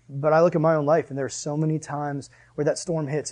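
A man preaching a sermon as a pastor, animated and joking, often laughing between points. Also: a little high, fast talker, hardly any pauses.

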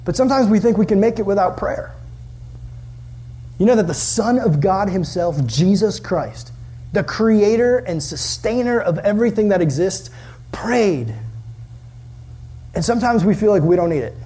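Young male youth pastor, high voice, chatty and animated sermon delivery with filler words. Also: normal speed, long pauses. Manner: animated storytelling, many "like" fillers.

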